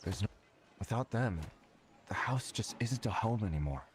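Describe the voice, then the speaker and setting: A man's voice: lowish voice, lively intonation, moderate pace, slight background noise, natural voice. A man voicing a solemn male villager in a video game. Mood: somber.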